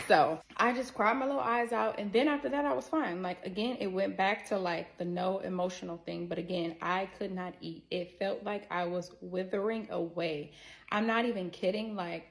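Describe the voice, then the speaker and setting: Woman, casual story-time monologue, chatty and expressive, gravelly fry in the voice, medium pitch. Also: a little fast. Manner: chatty and expressive, talks straight to viewers; works in healthcare.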